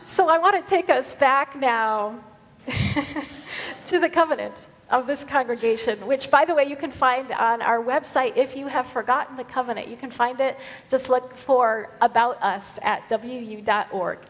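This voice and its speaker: A woman's voice: high-pitched, measured pace, a bit bright. A woman minister giving an earnest, conversational sermon to her congregation. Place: church sanctuary. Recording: long hall reverb.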